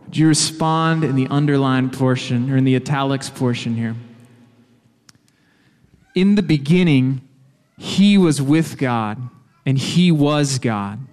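Measured male worship leader. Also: medium pitch, a little mellow, soft background music. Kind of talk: responsive scripture reading.

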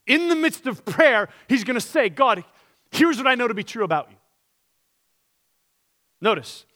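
A man's voice: very high-pitched, big pitch swings, normal speed, long pauses, pushed and bright. A man pastor preaching a sermon, earnest and direct, asking the congregation rhetorical questions and reading scripture aloud.

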